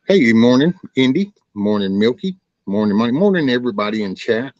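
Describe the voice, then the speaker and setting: A man's voice: medium pitch, expressive, fast talker, dry recording, muffled recording. A middle-aged man hosting a casual livestream, talking in a folksy, profane, ranting way. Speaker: livestream host. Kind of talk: casual rambling livestream chat.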